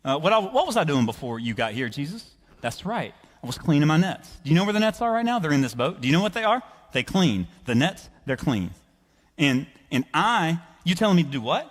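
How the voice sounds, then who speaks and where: A man's voice: a little high, big pitch swings, fairly quick. A man voicing an anxious male fisherman who makes excuses, whiny and exaggerated. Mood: complaining. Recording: reverberant church hall.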